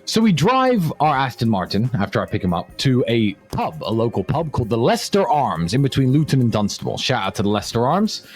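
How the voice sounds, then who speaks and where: Animated man telling a pub story. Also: mid-range voice, brisk, few pauses, husky, soft background music. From England. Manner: animated storyteller, acts out quotes. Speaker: podcast host. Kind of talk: casual storytelling chat.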